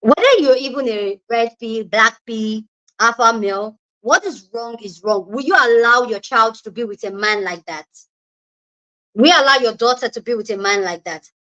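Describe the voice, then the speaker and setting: A woman's voice: fairly high pitch, moderate pace, bright, forceful tone. A young Nigerian woman with a Nigerian accent hosting a casual live chat, greeting viewers by name and giving her opinions. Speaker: livestream host. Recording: lo-fi livestream audio.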